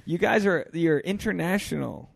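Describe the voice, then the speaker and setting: Guy hosting a podcast, gravelly and a bit high, ribbing his guests with crude jokes. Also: expressive, normal speed, no echo. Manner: teasing, crude joking banter. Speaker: podcast host. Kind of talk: casual podcast chat.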